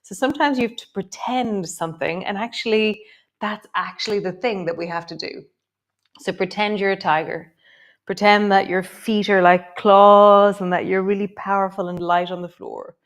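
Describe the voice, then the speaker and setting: In this live guided yoga class, the teacher speaks with a medium-pitched, steady tone. Her gentle, encouraging cues are interrupted by chatty asides, and her delivery grows slower and softer while she guides students through each movement.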